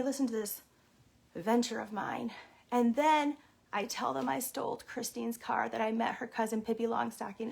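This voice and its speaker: High, gravelly woman telling a story in character. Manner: animated, mock-stern, exclaims suddenly; repeats catchphrases while telling the story. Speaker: daycare owner vlogger.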